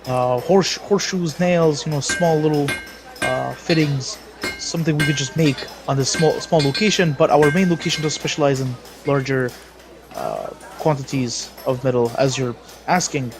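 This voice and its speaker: A man voicing a gruff, bald male dwarf blacksmith who talks with hesitant fillers. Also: fairly high pitch, lively intonation, normal speed, music in the background. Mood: apologetic. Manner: hesitant, filler-heavy speech.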